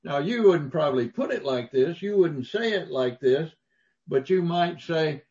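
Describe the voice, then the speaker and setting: A man's voice: fairly high pitch, animated, measured pace, darkish tone, lo-fi sound. A man preaching a sermon, telling folksy stories with emphatic rises. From Mississippi, US. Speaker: pastor.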